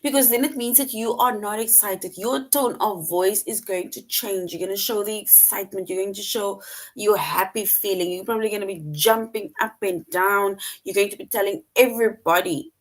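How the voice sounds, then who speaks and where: A woman's voice: medium pitch, moderate pace. A young woman teaching children online, patient and step by step, acting out the example sentences as she explains. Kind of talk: online grammar lesson for children.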